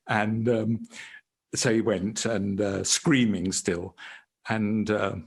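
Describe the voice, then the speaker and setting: A man's voice: fairly low pitch, slow. Older British man telling dry anecdotes. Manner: hesitant, dry anecdotal storytelling with many restarts. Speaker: guest. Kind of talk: casual conversation.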